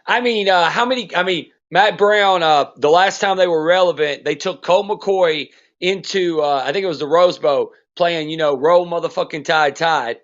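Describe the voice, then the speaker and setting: A man's voice: fairly high pitch, normal speed, few pauses, fairly bright tone. A man hosting a podcast, giving a blunt, profane sports rant in casual talk. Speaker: podcast host. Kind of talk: casual ranting monologue. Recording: dull lo-fi sound.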